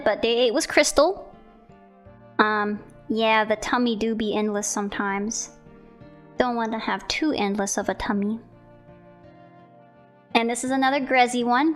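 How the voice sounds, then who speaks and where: A woman's voice: a little high, fairly bright tone. A young woman streamer chatting casually about viewer art, rambling with giggles and self-corrections. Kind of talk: casual chat.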